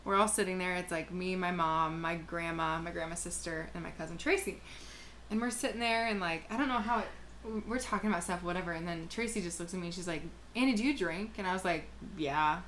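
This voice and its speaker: A woman's voice: fairly low pitch, a little fast, slight background noise. A young woman co-hosting a podcast, telling stories in casual, profane chat and acting out the people she quotes. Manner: storytelling, profane, animated quoting. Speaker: podcast co-host.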